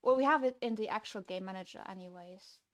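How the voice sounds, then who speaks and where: Speaking quickly at a medium pitch, a young woman narrates her own coding on a casual game-dev stream. She mutters to herself throughout, veering from annoyed to delighted.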